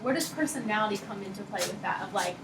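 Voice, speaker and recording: A woman's voice: mid-range voice, lively intonation, fast, gravelly. Hesitant woman student, distant. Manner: hesitant, filler-heavy. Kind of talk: classroom question. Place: classroom. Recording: echoey classroom from far off, noisy.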